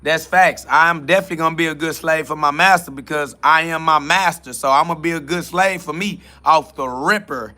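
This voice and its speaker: Bright-voiced man preaching casually. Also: a little high, fairly quick, few pauses. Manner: emphatic, repeats catchphrases, slangy street talk. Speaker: podcast host answering live chat. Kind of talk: casual self-affirmation sermon.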